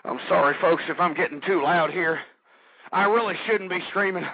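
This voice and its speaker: Man, talk radio host, profane blustering rant, husky high voice, muffled lo-fi stream. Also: moderate pace, no echo. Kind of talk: ranting call-in radio monologue.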